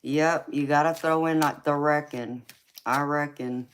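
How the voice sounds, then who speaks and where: Deep-voiced Southern woman chatting live. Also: steady tone, moderate pace, slight background noise. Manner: laid-back, giggly, calls viewers baby and honey. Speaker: tarot reader and livestream host. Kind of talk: casual live-stream chat reading viewer comments.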